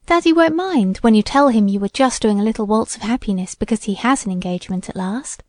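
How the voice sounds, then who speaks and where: Brief: woman reading as a sober teenage girl, soft, gentle dignity, close dry sound. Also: fairly high pitch, fairly quick, no echo, lightly acted. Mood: consoling. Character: sedate seventeen-year-old girl, gentle and serious. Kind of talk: audiobook character voice.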